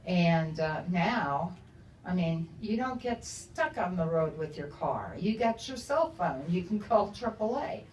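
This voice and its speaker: A woman's voice: fairly low pitch, expressive, a little slow, a little mellow, muffled recording, a little hiss or hum. An older woman author telling chatty stories to an audience at a book event, laughing often. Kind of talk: casual storytelling to an audience. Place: bookstore event room. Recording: roomy, from a distance, faint ambience.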